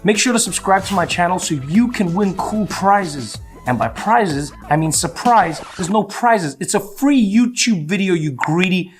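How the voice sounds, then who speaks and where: Teasing man over loud music. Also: sits high, lively intonation, normal speed, few pauses. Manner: teasing, mock-scolding. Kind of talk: joking channel outro.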